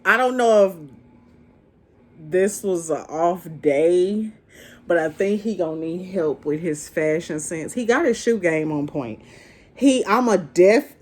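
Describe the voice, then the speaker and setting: A young woman vlogger casually recounting a date in an animated, slangy way, laughing as she tells it. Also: lowish voice, slow. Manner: animated, slangy, laughs while telling the story. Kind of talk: casual storytime chat.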